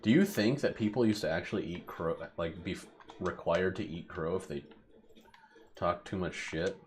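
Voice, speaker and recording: A man's voice: low voice, normal speed. Rambling, cussing young guy streaming a game. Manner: rambling, profane, joking. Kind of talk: casual gameplay commentary.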